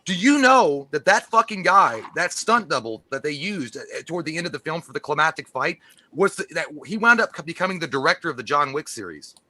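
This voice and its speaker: A man co-hosting a casual livestream, talking in an excitable, profane, rambling way with lots of restarts. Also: on the high side, a little fast. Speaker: podcast co-host.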